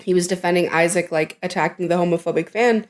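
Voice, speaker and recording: A woman's voice: lowish voice, quick pace. A woman co-hosting a podcast in casual chat, blunt, swearing freely and laughing often. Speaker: podcast co-host.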